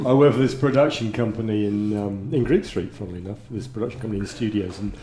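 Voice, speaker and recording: A man's voice: fairly low pitch, fast talker, mellow, roomy sound, slight background noise. A man telling a self-mocking story about his first job. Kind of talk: casual chat, anecdotes.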